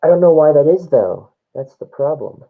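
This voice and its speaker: A man's voice: on the high side, animated, normal speed. A man hosting a casual livestream, joking and reading chat aloud over a muffled phone mic. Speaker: stream host. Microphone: phone mic through headset. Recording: tinny, muffled call audio.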